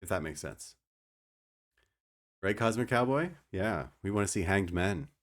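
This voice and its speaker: A man's voice: low voice, expressive, measured pace. A young man streaming a card game, explaining his moves and joking with his chat. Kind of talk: casual gameplay commentary.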